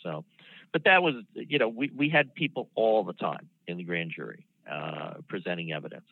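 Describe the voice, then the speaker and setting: A low-voiced former federal prosecutor, a guest, tells stories over a dry phone line in a casual interview. He is expressive with vocal fry, yet measured and anecdotal, with frequent fillers and restarts.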